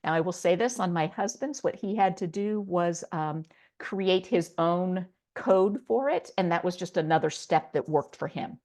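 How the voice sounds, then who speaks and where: A woman's voice: lowish voice, moderate pace, darkish tone. Patient woman teaching a writing lesson. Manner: patient step-by-step explaining with fillers. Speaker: writing instructor. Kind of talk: recorded online lesson.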